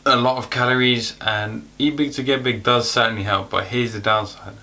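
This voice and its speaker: A young man giving casual fitness advice to the camera in an energetic, chatty way, a little out of breath. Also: medium pitch, moderate pace. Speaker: fitness youtuber.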